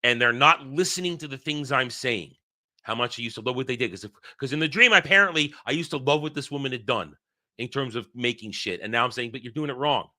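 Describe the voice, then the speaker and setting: A man's voice: mid-range voice, fast, sharp tone. A man hosting his own channel, telling a long dream story in a rambling, heated way with many restarts. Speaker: channel host. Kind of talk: casual solo monologue recounting a dream.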